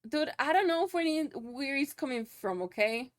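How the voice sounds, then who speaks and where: A woman's voice: high-pitched, lively intonation, moderate pace. A young woman streaming live, chatting loosely with her viewers, laughing often and swearing casually.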